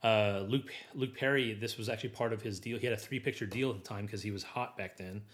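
A man's voice: lowish voice, fairly even intonation, quick pace, noisy background. Male guest, casual chat, rambling delivery full of fillers and restarts.

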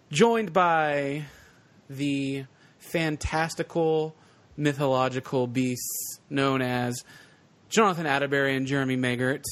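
A man's voice: a little high, a bit bright. A man hosting a casual comedy podcast, upbeat and joking with his co-hosts. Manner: upbeat, joking, playful banter. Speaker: podcast host.

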